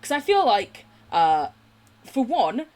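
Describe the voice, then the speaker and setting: Lively posh English woman streamer. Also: fairly high pitch, slow. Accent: posh southern English. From England. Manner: chatty, giggly and sweary. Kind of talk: casual live-stream chat while gaming.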